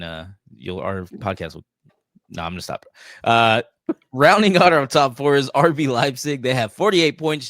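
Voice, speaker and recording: A man's voice: medium pitch, a bit bright, dry recording, studio quality. An American man co-hosting a soccer podcast, jokey and giggly, often tripping over his words. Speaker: podcast co-host. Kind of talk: casual soccer podcast chat.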